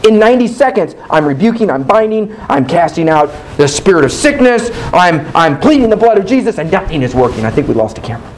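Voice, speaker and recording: A man preaching a sermon, telling a personal story in an animated, candid, self-mocking way and acting out his own past dialogue. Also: high voice, quick pace, hardly any pauses, a little hiss or hum, rough recording.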